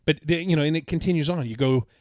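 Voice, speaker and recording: A man's voice: fairly high pitch, quick pace, darkish tone, dry recording, studio quality. A man co-hosting a podcast, recounting his trip in a casual, enthusiastic, rambling way. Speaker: podcast co-host. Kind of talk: casual chat.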